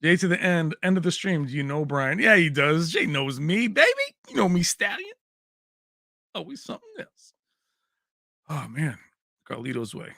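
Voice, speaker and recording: Male streamer, casual rambling chat, raised pitch, bright dry sound. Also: fairly quick, creaky, hardly any pauses, no echo. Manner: rambling and animated, laughs often, answers chat by name. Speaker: livestream host.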